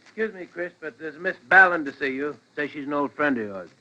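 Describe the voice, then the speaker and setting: An actor playing a polite, deferential assistant in a 1940s radio drama. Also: male voice, fairly high pitch, lively intonation, fairly quick, bright, forceful tone. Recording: lo-fi old radio broadcast.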